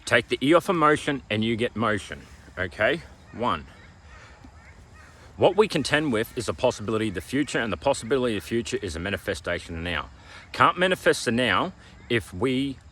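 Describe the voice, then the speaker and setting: With a medium-pitched, fairly bright, husky voice, a motivational vlogger with an Australian accent delivers a self-help monologue. He's emphatic and preachy, repeating slogans and checking in with "all right?"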